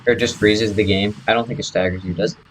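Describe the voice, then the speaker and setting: A man's voice: lowish voice, fairly even intonation, quick pace, a little hiss or hum, low-quality recording. Chatty man explaining his speedrun. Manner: chatty, explanatory, self-correcting. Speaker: speedrunner reviewing his own run. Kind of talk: casual game commentary over replay footage.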